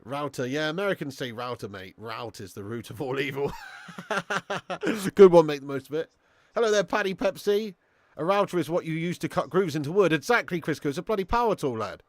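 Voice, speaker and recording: A man's voice: a little high, lively intonation, brisk, no room sound. A young man hosting a live football watch-along who chats, swears and laughs, bantering with viewers in the chat.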